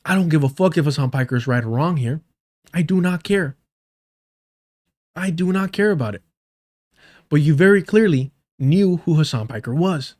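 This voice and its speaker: A man's voice: fairly high pitch, expressive, normal speed, long pauses, darkish tone. Profane, scornful man ranting on stream. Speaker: livestream host. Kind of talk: live-stream commentary.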